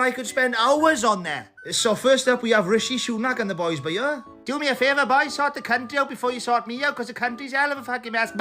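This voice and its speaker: Welsh man, comic ranter, high-pitched, exasperated and sweary. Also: pushed and bright. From Wales. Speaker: comedy video creator. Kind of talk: comic rant to camera.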